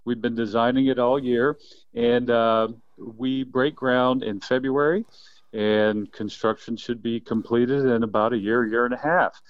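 A man in his fifties, a quail biologist, telling animated stories in a casual interview with plenty of laughs. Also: mid-range voice, measured pace, clean tone, dry recording, muffled recording. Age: 50s. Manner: enthusiastic, animated storyteller who laughs often.

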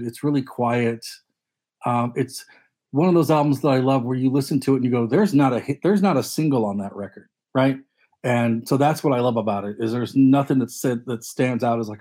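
A man's voice: medium pitch, a little mellow. Rambling male DJ co-host. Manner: rambling, lots of ums and uhs, enthusiastic about records. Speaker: DJ and journalist, podcast co-host. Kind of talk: casual chat.

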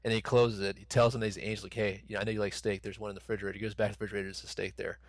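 A man's voice: on the low side, little pitch movement, rapid-fire, no room sound. A man in his thirties co-hosting a podcast, rambling and swearing in casual chat with lots of fillers. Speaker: podcast co-host.

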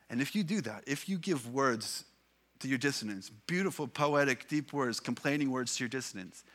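Earnest guy preaching, bright tense voice, slows way down for scripture. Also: medium pitch. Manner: earnest, building emphasis with repeated phrases. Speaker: pastor. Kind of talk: sermon.

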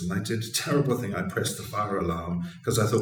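A man's voice: fairly low pitch, fast talker, few pauses. A man, an educational consultant and storyteller, talking expressively and earnestly as an interview guest. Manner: expressive, earnest, with frequent restarts. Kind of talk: conversational interview. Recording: roomy, distant mic with faint ambience.

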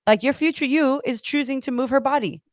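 A woman's voice: high voice, a little fast, dry recording, clean studio sound. A woman in her thirties, a coach and author of Puerto Rican heritage, chatting on a podcast in an emphatic, profane, motivational way. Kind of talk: casual podcast chat.

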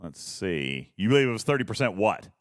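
A man's voice: on the low side, sing-song, brisk, no echo, studio quality. A man hosting a casual live stream, rambling, laughing often and reading chat messages aloud. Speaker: streamer host.

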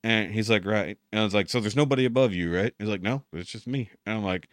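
A man's voice: on the low side, quick pace, no echo, studio quality. A young man, co-hosting a podcast and telling a story in casual, profane chat, acting out the voices he quotes. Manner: animated storyteller, swears freely, acts out quotes. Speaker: podcast co-host.

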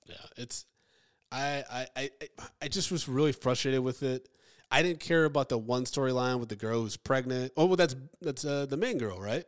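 A man co-hosting a casual movie podcast, animated, dropping into mumbled asides and then rising into excited outbursts. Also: mid-range voice, moderate pace. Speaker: podcast co-host. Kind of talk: casual chat.

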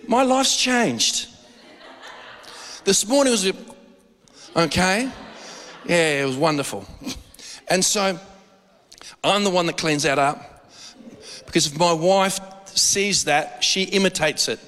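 A man giving a conversational sermon, telling lively, joking stories and acting out quotes. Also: sits high, measured pace, long pauses. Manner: animated storytelling with jokes and acted-out quotes. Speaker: preacher. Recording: long hall reverb.

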